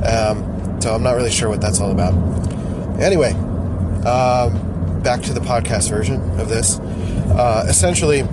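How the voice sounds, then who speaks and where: A man's voice: mid-range voice, heavy background noise. A man hosting a casual solo podcast, rambling and joking with lots of fillers and restarts. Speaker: podcast host.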